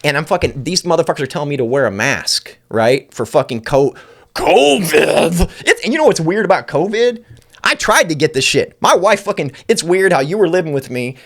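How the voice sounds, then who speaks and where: A man's voice: a little high, lively intonation, normal speed, fairly bright tone. A man hosting an uncensored podcast, ranting angrily and swearing constantly. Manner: angry, profane ranting. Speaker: podcast host.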